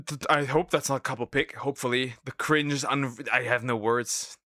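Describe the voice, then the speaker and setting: A man streaming, reacting to clips with exasperated, swearing commentary that bursts into laughs and shouts. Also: medium pitch, fairly even intonation, brisk, hardly any pauses, dry recording, clean studio sound.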